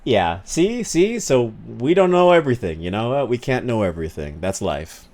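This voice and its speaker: A man who streams and does voice acting, chatting casually with his live chat, animated and laughing often as he reads and answers messages. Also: medium pitch, normal speed. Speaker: streamer and voice actor.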